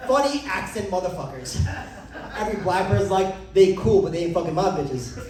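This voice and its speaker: A brash young man doing stand-up crowd work, loud and swinging his pitch for bits, recorded from far off in an echoey comedy club. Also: expressive, brisk.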